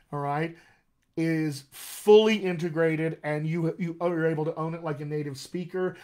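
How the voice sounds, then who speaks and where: A male dialect coach fields viewer questions on a live stream, sounding energetic and encouraging. His voice sits a little higher than most men's. He calls his viewers "my friends". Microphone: computer mic on a live video stream.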